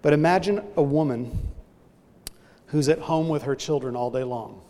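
A man's voice: mid-range voice, moderate pace, mellow, in a large hall. A man preaching a sermon, earnestly illustrating his point with a story.

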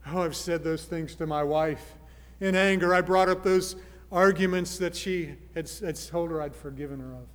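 A man preaching a sermon, earnest, moving from soft pleading to loud emphasis. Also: fairly high pitch, fairly even intonation, normal speed, few pauses, in a large hall. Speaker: pastor.

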